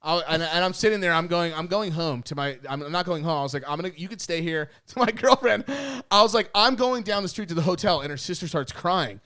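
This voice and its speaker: A young man from Puerto Rico, a podcast co-host, telling a story in casual chat, profane and animated, acting out what people said. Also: high-pitched, fast, hardly any pauses. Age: young adult.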